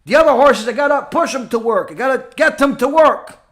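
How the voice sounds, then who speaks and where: A man's voice: very high voice, expressive, a little fast, fairly bright tone. A man voicing an anxious disciple who owns a horse ranch, pleading with his teacher in a retold story.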